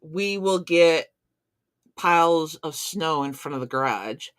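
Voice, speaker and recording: A woman co-hosting a casual live chat, relaxed and dry, sarcastic at times. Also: low-pitched, slow pace, smooth, no echo. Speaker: co-host of a live chat stream.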